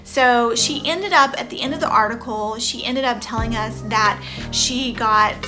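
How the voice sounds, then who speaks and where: A woman's voice: a little high, a little slow. A woman in her thirties giving a chatty, rambling reaction commentary as a vlogger, full of "you know" fillers. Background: background music.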